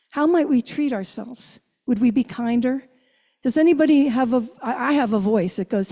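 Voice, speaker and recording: An older woman minister giving a reflective sermon, asking her listeners questions and slowing down on key phrases. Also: a little high, warm tone. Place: church sanctuary. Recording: long church reverb.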